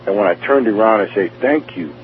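Brief: New York man, low voice, rambling church testimony full of acted-out dialogue, tinny phone-like radio sound. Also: expressive, a little fast, a little hiss or hum. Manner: rambling, repetitive, acts out dialogue. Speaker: testimony speaker. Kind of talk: personal testimony storytelling.

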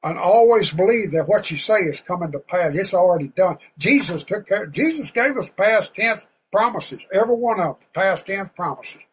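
A man's voice: high voice, animated, moderate pace, few pauses, breathy edge, low-quality recording. Fervent folksy preacher man. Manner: folksy, fervent, rising to loud bursts. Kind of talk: sermon.

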